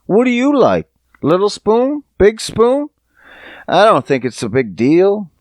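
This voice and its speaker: A man's voice: high-pitched, sing-song, slow, a little mellow, dry recording. A man hosting a podcast who talks to his listeners in a casual, rambling monologue, swearing freely and joking. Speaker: podcast host.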